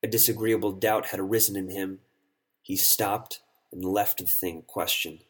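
A man narrating an audiobook story in a measured, solemn way. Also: sits low, fairly even intonation, husky.

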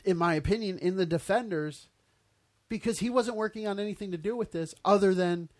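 A man in casual chat about a show, animated, swearing freely and often repeating words. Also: high voice, brisk.

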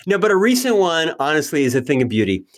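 A man's voice: on the high side, sing-song, fast talker. Chatty self-deprecating male podcast host. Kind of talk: casual interview chat.

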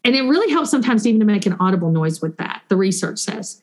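A woman, a Christian counselor and author answering interview questions in an animated way. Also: mid-range voice, quick pace. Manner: animated, warm storytelling with quoted voices; guides listeners through a breathing exercise.

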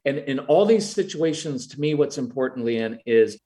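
Man, middle-aged, earnest, explains parenting tips, mid-pitched voice. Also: lively intonation, moderate pace, dark tone. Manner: earnest, acts out quoted lines to parents and kids. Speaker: parenting guest expert. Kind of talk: interview answers.

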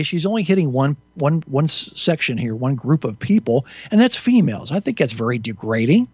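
A man's voice: on the high side, no room sound, lo-fi sound. A man hosting a talk radio show alone, rambling through indignant, sarcastic commentary with frequent restarts and fillers.

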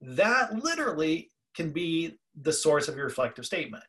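A man's voice: a little high, very animated, moderate pace, a bit bright. A man co-hosting a podcast about listening skills, telling a story and acting out the people in it. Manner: storytelling, acts out quoted callers. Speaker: podcast co-host, trainer. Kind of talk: conversational podcast talk.

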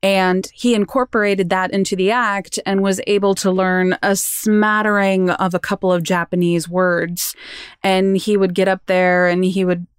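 A woman chatting as a guest on an interview show, telling stories with easy laughs. Her voice is smooth and resonant. The recording is dry and close. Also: mid-range voice, level tone, normal speed, dry recording. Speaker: guest, voice actor. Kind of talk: casual interview chat.

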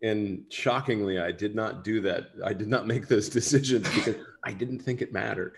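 A man's voice: fairly low pitch, moderate pace, creaky. A man, an actor, chatting casually in an interview, rambling and self-deprecating with many fillers. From United States. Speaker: actor guest.

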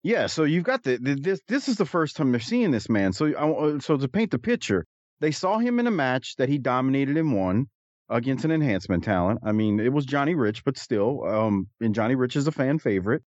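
A man's voice: medium pitch, sing-song, a little fast, a little mellow, no room sound. A man hosting a casual chat about old wrestling, rambling and correcting himself as he goes. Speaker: podcast co-host. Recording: slightly dull dry mic.

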